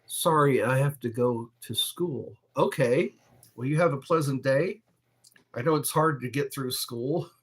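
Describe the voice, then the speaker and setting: A man chatting casually on a live stream from his bedroom, rambling and defensive with drawn-out phrases. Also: medium pitch, background noise. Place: bedroom at home.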